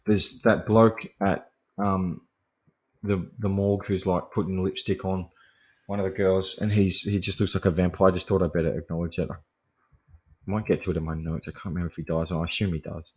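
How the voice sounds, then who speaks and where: Deep-voiced and flat in delivery, a podcast host talks briskly with a slightly mellow tone. He casually recaps a film in a meandering, profane monologue, laughing often and riddling it with fillers and restarts.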